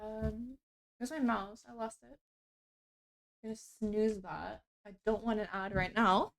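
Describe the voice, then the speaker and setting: A woman's voice: mid-range voice, fairly even intonation, measured pace, vocal fry. A young woman in her twenties chatting casually on a live stream as she repairs a cosplay, rambling and laughing as she talks. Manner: giggly, rambling storyteller with frequent laughs and fillers. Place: home room while crafting. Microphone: streaming setup.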